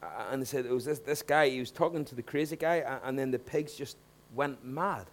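A man preaching a sermon, swinging between hushed asides and loud, emphatic points. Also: medium pitch, fairly quick.

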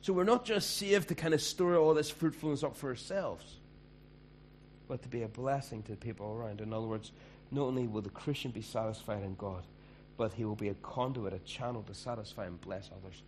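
Man, pastor, sermon, conversational, emphatic, mid-pitched, faint hum. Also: fairly quick.

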